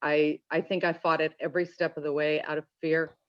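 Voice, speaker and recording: A woman's voice: low-pitched, flat delivery, highs cut off. Earnest woman sharing a tearful testimony. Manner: earnest, halting, many restarts. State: choked up at times. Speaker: call-in participant. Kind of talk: emotional personal testimony.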